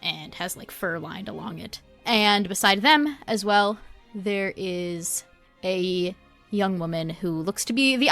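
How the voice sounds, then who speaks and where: A woman's voice: fairly low pitch, a bit bright. A woman narrating as game master of a tabletop game, in a casual, descriptive way with frequent fillers. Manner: descriptive, casual, many 'uh's.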